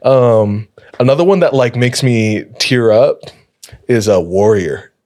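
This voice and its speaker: A young man in casual chat with friends, relaxed and joking. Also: mid-range voice, takes it slowly.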